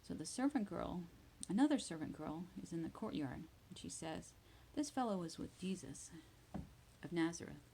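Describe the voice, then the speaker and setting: Woman, lowish voice, slow English lesson, reads then retells, sometimes whispers. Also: expressive, gravelly, mellow, slight background noise, low-quality recording. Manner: reads a verse then retells it in simple words. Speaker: English teacher. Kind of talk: slow Bible reading lesson for learners.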